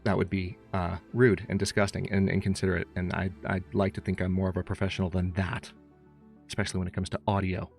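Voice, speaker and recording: A man's voice: low-pitched, flat delivery, fast talker, vocal fry, a little mellow. A man hosting a livestream, chatting casually and rambling as he greets viewers by name, speaking into a close mic. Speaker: streamer host. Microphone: close studio mic. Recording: faint music behind.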